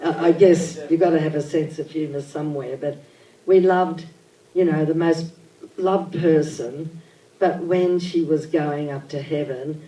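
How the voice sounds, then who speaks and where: An older woman, telling childhood stories in an animated, theatrical way at a live on-stage interview. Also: deep voice, unhurried. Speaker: interview guest. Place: event venue with audience. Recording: echoey hall, mic at a distance.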